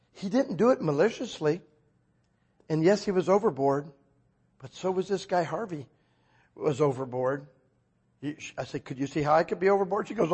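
A man preaching a conversational sermon, telling stories and acting out dialogue with sudden loud outbursts. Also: fairly high pitch, moderate pace, pauses often, slightly rough.

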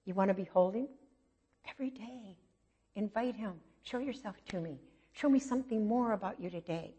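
A middle-aged woman preaching, telling a personal testimony in an earnest storytelling way, swinging between soft and emphatic. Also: mid-range voice, moderate pace, husky.

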